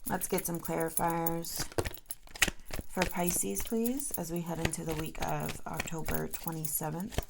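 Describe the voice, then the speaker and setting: Low gravelly-voiced woman reading tarot. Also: fairly even intonation, measured pace, very noisy. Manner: emotional, encouraging, addresses viewers directly. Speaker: tarot reader.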